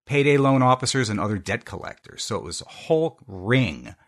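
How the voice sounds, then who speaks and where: A man's voice: mid-range voice, lively intonation, brisk, a bit bright. A man from the United States, a podcast co-host, presenting a segment in a wry, joking way during a casual panel chat. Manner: wry, jokey delivery of a prepared segment.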